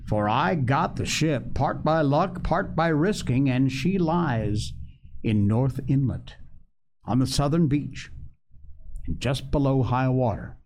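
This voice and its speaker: A man's voice: medium pitch, slow, a little mellow, natural voice. A man voicing an honest, frightened young cabin boy who speaks in an earnest, pleading way.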